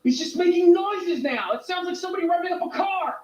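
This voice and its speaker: A man's voice: very high-pitched, lively intonation, fast. An actor playing an exasperated, sarcastic man who has completely run out of patience, heard as distant, roomy clip audio.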